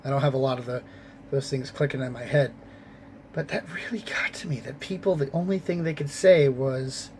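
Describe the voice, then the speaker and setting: A convenience store clerk telling a story to camera in a casual, profane, animated way. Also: male voice, medium pitch, moderate pace, a little hiss or hum.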